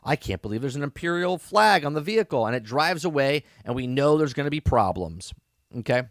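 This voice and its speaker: Podcast host, male, lively rambling review, keeps asking "okay? right?", dry close sound. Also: fairly high pitch, a little fast, no echo. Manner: sarcastic asides. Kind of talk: casual review commentary.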